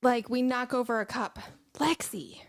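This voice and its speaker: A woman in her thirties co-hosts a casual morning show in a plain, conversational voice, often backing her partner up with quick affirming murmurs. Her voice sounds close and dry, with no room echo. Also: a little high. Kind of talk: casual chat.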